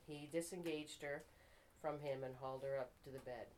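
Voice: medium pitch, fairly even intonation, normal speed, darkish tone, a little hiss or hum, poor audio. A writing group member reading their own fiction aloud and stopping now and then to fix slips. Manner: reads steadily, stops to fix slips and apologizes.

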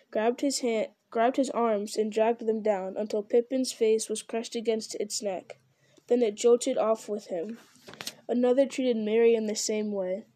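Woman with a mellow, measured reading voice. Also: a little high, dry recording. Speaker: audiobook reader. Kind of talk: storybook narration.

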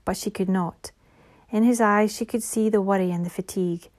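A woman reads a fantasy novel aloud in a soft, measured voice. Her tone is mellow and rather dark. At times she drops into a hushed whisper. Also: medium pitch, steady tone. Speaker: audiobook narrator. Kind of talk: scripted fantasy narration.

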